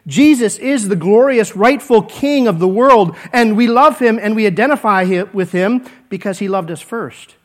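A man preaching a sermon, earnest and repetitive, swinging between emphatic lines and hushed ones. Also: sits high, normal speed, few pauses. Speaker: pastor.

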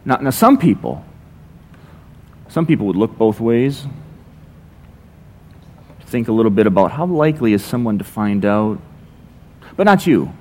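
Animated pastor, ironic and conversational. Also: male voice, fairly low pitch, measured pace, long pauses. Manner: conversational, ironic storytelling with playful sarcasm. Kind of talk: sermon.

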